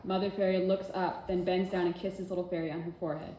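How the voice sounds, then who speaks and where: A woman's voice: lowish voice, flat delivery, warm tone. Casting: playwright woman reading directions matter-of-factly; faint noise behind. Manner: brisk, matter-of-fact. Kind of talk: script read-through narration. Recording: roomy echo, faint noise.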